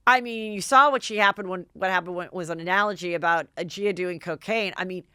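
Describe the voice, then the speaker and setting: A woman hosting a gossip podcast, running through a reality TV recap in a chatty, animated way. She acts out the quarrels herself, jumping up into loud voices for each quote. Her voice is smooth and the recording is close and dry. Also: on the low side, brisk, dry recording. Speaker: podcast host.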